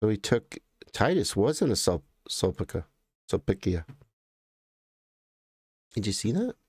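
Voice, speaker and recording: An American man hosting a live stream, chatting casually and in a halting, rambling way as he greets viewers by name. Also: fairly low pitch, sing-song, a little mellow, husky, no echo.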